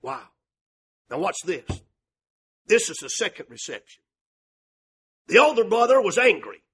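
A man preaching a sermon, folksy and fervent, dropping to a hush and then rising to a shout. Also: sits high, very animated, unhurried, husky. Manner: fervent, swings from hushed to shouting; folksy, calls out to the congregation.

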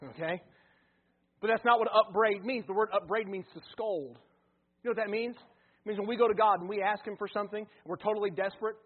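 High-voiced fervent preacher, phone-thin sound. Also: male voice, breathy edge. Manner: swings from loud fervent preaching to quiet intimate asides. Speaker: pastor. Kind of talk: sermon. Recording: phone-like narrow band.

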